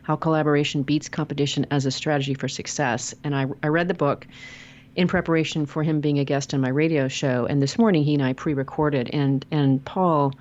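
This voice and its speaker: Earnest low-voiced woman, lo-fi. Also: fairly even intonation, a little fast, darkish tone. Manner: earnest, emphatic, repeats words when starting a sentence. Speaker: podcast guest, author; radio show host and logotherapist. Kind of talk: casual interview chat.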